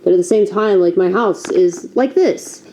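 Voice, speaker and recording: A woman's voice: mid-range voice, moderate pace, mellow, slight background noise, low-quality recording. A woman vlogger talking candidly to the camera, blunt, a little profane, emotional and self-mocking. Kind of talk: candid casual talk to camera.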